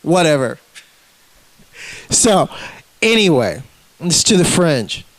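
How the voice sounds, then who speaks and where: A man with a high-pitched voice rants, cursing freely and calling people out. His sound is dry and close, with no room behind it. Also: expressive, a little slow, a bit bright, no echo, rough recording. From United States. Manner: ranting, profane, confrontational. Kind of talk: profane rant to camera.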